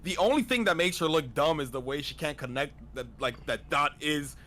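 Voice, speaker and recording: A man's voice: fairly high pitch, brisk, pushed and bright. A man chatting casually as a guest on a stream, rambling with lots of restarts and fillers. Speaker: guest on a streamed anime discussion. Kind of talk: casual chat.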